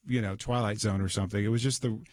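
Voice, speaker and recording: A man's voice: on the low side, fairly even intonation, quick pace, a little mellow, dry recording. A man, a guest in a radio studio, telling a personal story in casual conversation, with many restarts. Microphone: studio microphone.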